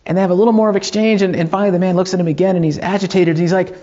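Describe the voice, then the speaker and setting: A man's voice: high-pitched, fairly even intonation, rapid-fire, dark tone, highs cut off. A man preaching a sermon as pastor, telling a story in a loose conversational way with frequent fillers and restarts.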